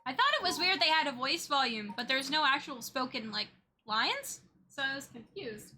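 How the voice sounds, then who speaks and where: Chatty high-voiced woman streamer. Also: lively intonation, normal speed, sharp tone, slight background noise. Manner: chatty, laughs easily. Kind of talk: casual gameplay chat.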